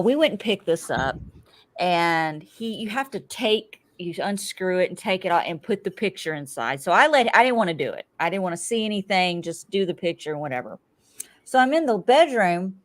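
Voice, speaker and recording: A middle-aged woman hosting a podcast, telling a story in casual chat, animated and profane. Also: lowish voice. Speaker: podcast host.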